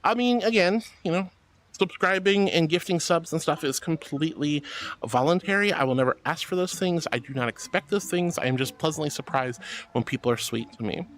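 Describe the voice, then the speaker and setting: A woman's voice: low voice, brisk. A woman streamer chatting casually and reading out viewer messages, bubbly and affectionate and calling everyone sweetie and honey. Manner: giggly, teasing.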